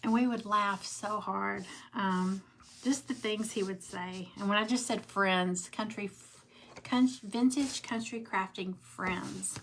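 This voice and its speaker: A woman's voice: medium pitch, steady tone, unhurried, a bit bright, a little hiss or hum. A middle-aged woman with a Southern US accent, chatting in a rambling way while she crafts live and greets viewers by name. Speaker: craft livestream host. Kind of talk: casual livestream chat while crafting.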